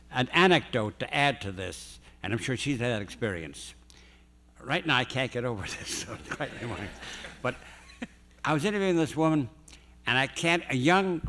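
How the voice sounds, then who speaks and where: An older man reminiscing before an audience, his voice bright and forceful. He talks in an animated rush, restarting sentences and laughing as he goes. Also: medium pitch. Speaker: guest speaker. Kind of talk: reminiscing talk.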